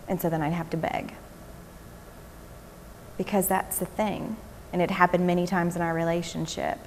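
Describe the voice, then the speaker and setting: Low-voiced woman giving halting testimony. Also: flat delivery, a little mellow, a little hiss or hum. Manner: halting, with fillers and restarts. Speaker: interviewee. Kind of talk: documentary interview testimony.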